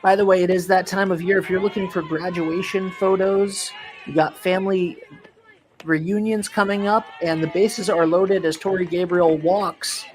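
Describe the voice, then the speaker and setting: A man calling a live high school softball game, chatty and jokey, weaving in sponsor reads and getting loud on big plays. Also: steady tone, normal speed. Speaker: play-by-play announcer.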